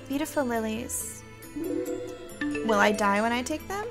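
Brief: woman game host, high and bright, jumpy and squealy, game music underneath. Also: moderate pace, long pauses. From United States. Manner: excitable, squeals and gasps, reads game text aloud. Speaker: gaming video host. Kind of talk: let's play commentary.

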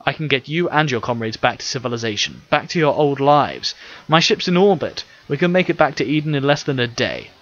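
An upbeat, confident commander who talks with easy authority, read by a man in an audiobook. His voice rides a little higher and bright, on a slightly dull recording. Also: sing-song, brisk. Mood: persuasive. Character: confident friendly male commander.

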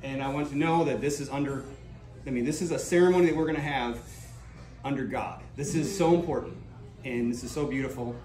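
A man's voice: mid-range voice, a little fast. A middle-aged man with a Midwestern accent, the father of the bride, giving a jokey, heartfelt speech. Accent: American Midwestern. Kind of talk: casual speech. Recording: echoey room with a crowd.

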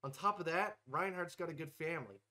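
A man's voice: a little high, a little fast, pushed and bright. A young man hosting a comedic tier-list video, ranting brashly with constant swearing and mock-tough bravado. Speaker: host ranking game characters.

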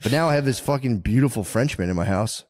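A man in his thirties co-hosting a podcast, telling profane stories in casual chat and slipping into quick impressions of the people he quotes. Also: medium pitch, lively intonation, darkish tone, dry recording, clean studio sound. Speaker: podcast co-host.

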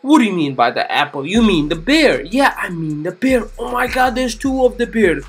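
A woman with a slightly husky, breathy voice narrates a kids' cartoon. She talks to young viewers in a chatty, gushing way, full of exclamations and questions. Faint music plays behind her. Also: medium pitch, sing-song, moderate pace. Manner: gushing, exclamatory, keeps asking the kids questions. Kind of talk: chatty commentary for children.

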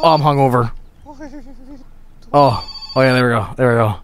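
A man streaming a game, joking loudly, swearing often and hamming up being drunk. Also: moderate pace, pauses often. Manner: plays at being drunk, loud swings of pitch. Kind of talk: let's-play commentary.

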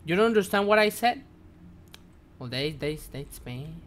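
A man whose first language is Spanish, streaming a game live in broken English, jumpy and quick to yelp and curse when startled. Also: fairly high pitch, lively intonation, a bit bright, a little hiss or hum. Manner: broken, non-native English.

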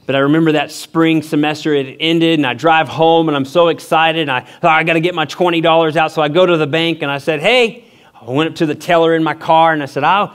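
Animated storytelling pastor, higher-pitched man. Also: quick pace, hardly any pauses, clear, resonant tone. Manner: animated storytelling, acting out voices with big pitch jumps. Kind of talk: sermon.

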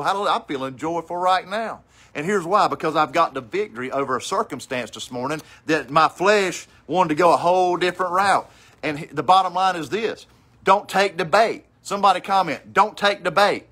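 Fervent, bright-voiced male preacher. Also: on the high side. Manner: fervent, preacherly, swings from loud to hushed; quotes scripture in a measured cadence. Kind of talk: devotional sermon.

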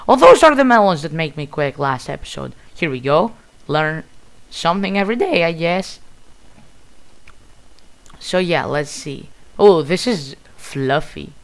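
Excitable Greek-accented gamer, creaky voice. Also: male voice, a little high, a little slow. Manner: excitable, bursts of loud exclamations. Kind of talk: casual gameplay commentary.

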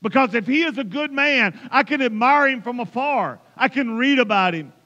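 Emphatic preacher, high bright voice. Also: male voice, lively intonation, moderate pace. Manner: emphatic, rising to impassioned build-ups. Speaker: pastor. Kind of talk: sermon. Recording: dull sound in a reverberant church hall.

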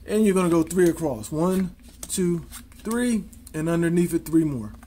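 A man's voice: fairly high pitch, lively intonation, moderate pace, warm tone, slight background noise. A man demonstrating card tricks, talking casually and counting and spelling aloud as he deals. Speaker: amateur magician.

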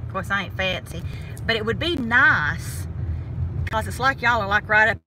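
A woman's voice: medium pitch, animated, normal speed. A woman with a North Georgia Southern accent chatting casually to her viewers from inside her car, folksy and self-mocking. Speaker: vlogger. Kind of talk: casual chat while driving. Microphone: phone or camera clipped to the sun visor. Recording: faint road noise in a car. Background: road and car noise.

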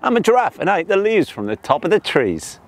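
A man voicing a calm, polite male giraffe in a joke, answering matter-of-factly. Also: high-pitched, brisk.

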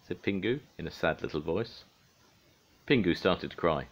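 An older man reading a children's storybook aloud in a lively, animated way. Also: rumbling low, moderate pace, highs cut off.

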